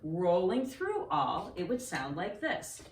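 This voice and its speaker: A woman's voice: fairly low pitch, sing-song, slow, very noisy. A woman teaching tap dance in a step-by-step tutorial, counting out the steps in rhythm as she dances. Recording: roomy, distant camera audio with loud tapping. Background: tap shoe clicks.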